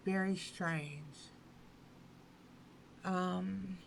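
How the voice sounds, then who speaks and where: A woman giving a spoken tarot reading, repeating her phrases slowly and with emphasis. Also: fairly low pitch, fairly even intonation, creaky, slight background noise, poor audio. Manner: slow, repetitive, affirming phrasing. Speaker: tarot reader.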